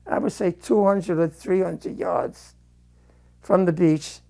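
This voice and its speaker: Gravelly older man recalling war. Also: sits high, mellow. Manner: halting, emotional, repeats phrases. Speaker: war veteran giving testimony. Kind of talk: personal war testimony.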